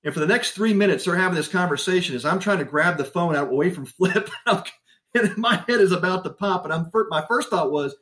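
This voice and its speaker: A middle-aged man telling a personal story in an interview, animated and laughing often. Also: high-pitched, brisk. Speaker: guest.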